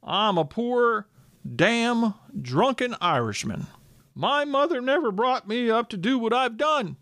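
A man voicing a gruff, cursing, drunken male Irish farmer who is surly and callous. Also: extremely high pitch, expressive, takes it slowly, sharp tone, no room sound, studio quality, pitched above the performer's own voice, exaggerated voice. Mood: self-pitying.

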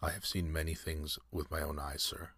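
A man's voice: flat delivery, normal speed, creaky, a bit bright, breathy edge, no room sound, clean studio sound, heavily acted. Man reading as an ominous old housekeeper woman. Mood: fearful. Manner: low, mysterious voice.

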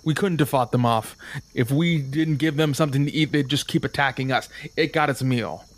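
A man voicing a ruthless, gruff male boat leader who gives blunt, harsh orders. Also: medium pitch, brisk, close to an everyday voice.

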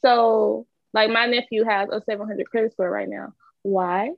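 A woman's voice: mid-range voice, fairly even intonation, normal speed, gravelly, dry recording, highs cut off. A woman advising on credit in casual chat, explaining steps plainly.

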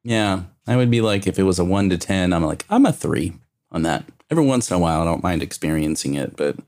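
A deep-voiced man co-hosts a relaxed podcast chat, playful and teasing. His pitch swings a lot as he talks, and he reads out tasting notes. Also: fast talker. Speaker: podcast co-host. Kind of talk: casual chat.

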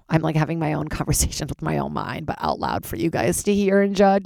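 A woman stand-up comedian hosting her own podcast, rambling casually, swearing freely and jumping wildly in pitch. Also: fast talker, creaky, no room sound, studio quality. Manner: animated, swears freely, big jumps in pitch.

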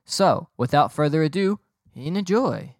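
Joking, boastful young podcast host. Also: male voice, mid-range voice, expressive, normal speed, dry recording, clean studio sound. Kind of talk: casual podcast monologue.

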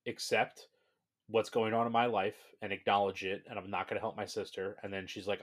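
A man co-hosting a casual podcast chat, talking in an animated way and acting out scenes. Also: lowish voice. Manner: animated, laughing, acts out scenes. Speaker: podcast co-host.

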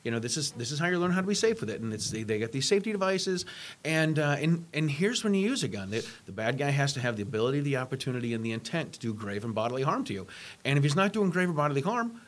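A man's voice: mid-range voice, big pitch swings, fast talker. A man in his fifties on a podcast, talking emphatically in casual chat and quoting his conversations. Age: 50s. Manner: emphatic, quotes himself and others. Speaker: podcast co-host.

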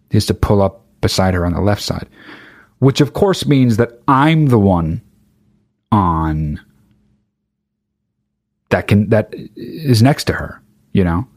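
Young man, casual comic anecdote, profane, rambling, deadpan asides, lowish voice, dry close sound. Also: dry recording. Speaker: storyteller.

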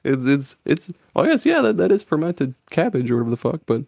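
A man's voice: a little high, very animated, brisk, gravelly, a little mellow, no room sound, clean studio sound. A man hosting a podcast, chatting loosely with lots of swearing and stumbling restarts. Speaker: podcast host. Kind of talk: casual chat.

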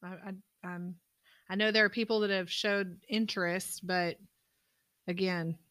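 Woman, soft-spoken podcast co-host, mid pitch, dry close sound. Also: fairly even intonation, measured pace, smooth, no echo. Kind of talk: casual podcast talk.

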